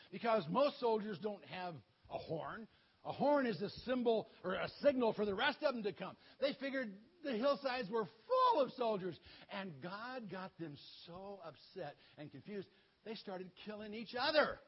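A man's voice: high voice, sing-song, normal speed, husky. A man giving a children's story sermon as a pastor, telling it animatedly and inviting kids to join in. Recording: dull lo-fi sound.

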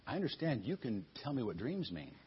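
A man's voice: medium pitch, very animated, brisk, breathy edge, pitched below the performer's own voice. A man voicing a puzzled king who marvels at his strange dreams. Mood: commanding. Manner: exclaiming in wonder. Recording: dull lo-fi recording.

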